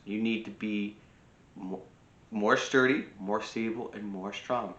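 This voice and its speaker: A man with a fairly low voice and a bright, forceful tone gives earnest life advice straight to his listeners. He lectures in a casual way, repeats points and restarts sentences. The sound is roomy and echoey. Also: fairly even intonation, slow pace, highs cut off. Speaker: self-improvement video host. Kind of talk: casual advice monologue to camera.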